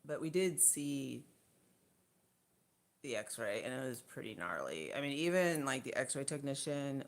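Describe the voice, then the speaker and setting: A woman's voice: very deep voice, big pitch swings, unhurried. Breathless woman chatting on a livestream. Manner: rambling, chatty, reads out viewer comments. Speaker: livestream host. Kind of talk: casual livestream chat.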